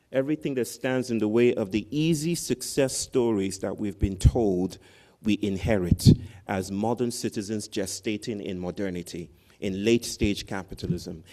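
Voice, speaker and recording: A man with a fairly low, warm, mellow voice gives a commencement address from a podium microphone. He talks to the crowd as a storyteller and keeps checking in with a quick "right?". He is speaking under a large tent at an outdoor ceremony. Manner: animated storyteller, tags lines with "right?". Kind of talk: storytelling speech to an audience.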